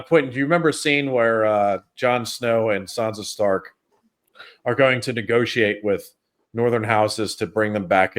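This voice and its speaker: A man hosting a film review podcast, chatting casually in a rambling way with plenty of fillers. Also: lowish voice. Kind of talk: casual chat.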